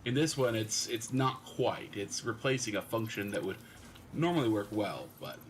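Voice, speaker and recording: A man's voice: fairly low pitch, animated, moderate pace, faint music behind. A man chatting on a gaming stream, reading chat messages aloud and explaining things in detail.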